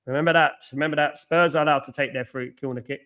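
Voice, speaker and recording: Excitable man reacting live to football. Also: fairly high pitch, quick pace. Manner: excitable, chatty, talks to viewers by name. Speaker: watchalong host. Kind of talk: live football watchalong commentary.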